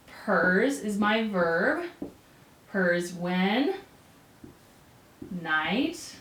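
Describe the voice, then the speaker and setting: A woman teaching a grammar lesson with upbeat, animated energy and quick bursts of excitement. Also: mid-range voice. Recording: echoey room.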